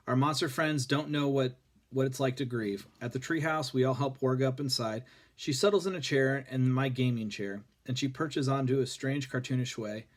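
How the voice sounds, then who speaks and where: A man reading a children's novel aloud in a plain, steady voice, with few changes for the characters. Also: medium pitch. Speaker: reader.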